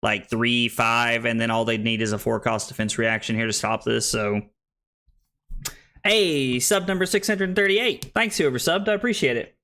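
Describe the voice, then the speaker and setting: A man's voice: medium pitch, moderate pace, bright, forceful tone. A young American man casually commenting on his card game stream, thinking aloud with many restarts. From United States.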